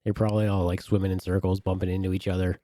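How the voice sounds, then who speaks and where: Male podcast co-host, animated storyteller, crude humor, deep-ish and warm. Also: racing, no room sound, clean studio sound. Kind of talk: casual storytelling.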